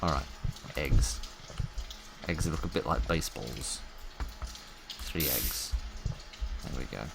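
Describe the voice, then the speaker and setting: A man's voice: rumbling low, slow, vocal fry, pauses often, very noisy. A man chatting wryly to himself as he plays a game, talking through each step in a casual, rambling way. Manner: wry, chatty, talks to himself while playing. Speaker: gaming YouTuber. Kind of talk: casual let's-play commentary.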